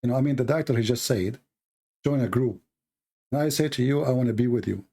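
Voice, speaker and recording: A man whose first language is Arabic tells stories and argues in broken English, animated and laughing. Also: medium pitch, fairly quick, gravelly, slightly rough. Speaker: host. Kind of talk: casual storytelling and polemic.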